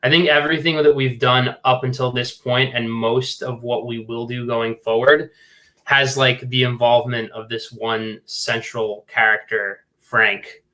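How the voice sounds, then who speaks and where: A man's voice: mid-range voice, little pitch movement, measured pace, sharp tone. A man talking as a filmmaker guest on a podcast, rambling and earnest, full of fillers. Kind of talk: casual interview chat.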